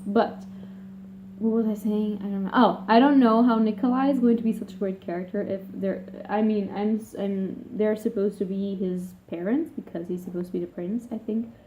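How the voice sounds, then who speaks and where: A woman vlogger chatting casually about a book she is reading, rambling and swearing freely. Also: medium pitch. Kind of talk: casual vlog chat. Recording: tinny phone-like sound.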